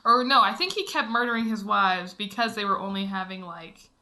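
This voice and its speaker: A woman's voice: medium pitch, fairly quick, pushed and bright. A young woman co-hosting a podcast, chatting casually in a giggly, teasing way. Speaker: podcast co-host. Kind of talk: casual chat.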